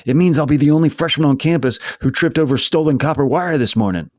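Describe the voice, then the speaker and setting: A man's voice: fairly low pitch, big pitch swings, normal speed, dry recording, studio quality. A man reading a novel aloud, voicing a tough young woman starting college who swears bluntly. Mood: angry.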